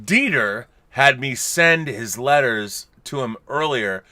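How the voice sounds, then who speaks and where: A middle-aged man co-hosting a loose live stream, his voice bright and ringing with a lively, swooping delivery. He jokes, stumbles through restarts and reads out viewer messages. The sound is dry and close on the mic. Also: medium pitch, slow, no echo. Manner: animated, jokey, stumbling restarts. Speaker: podcast co-host reading super chats. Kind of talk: casual tipsy chat on a live stream.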